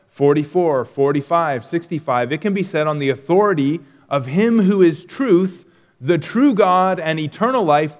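Man, theology lecturer, slightly higher voice, earnest, emphatic, restarts phrases, recorded lecture. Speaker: theology teacher. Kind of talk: lecture reading and explaining quoted texts.

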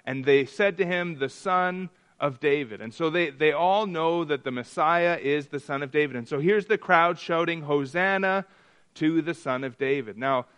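Fairly high-voiced man teaching a Bible class. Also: a bit bright. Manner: reads scripture aloud and questions the group; restarts sentences often.

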